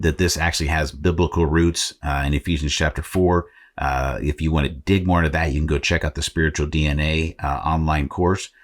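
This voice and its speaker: A man from Arizona with a very deep, low-pitched voice hosts a faith podcast. He talks conversationally, with frequent fillers and a self-deprecating humor. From Arizona, United States. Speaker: podcast host. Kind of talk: motivational faith podcast talk.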